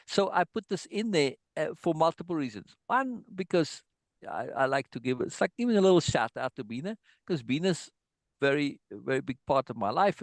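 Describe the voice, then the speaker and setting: A man's voice: a little high, no room sound. A man giving an informal online songwriting lesson, thinking aloud and checking in with his students with a frequent "right?". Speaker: songwriting teacher.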